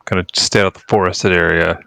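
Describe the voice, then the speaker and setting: A man playing a tabletop game, speaking in a matter-of-fact, deadpan way. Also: low-pitched, fast talker, vocal fry, no echo. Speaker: player. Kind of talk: casual tabletop game chat.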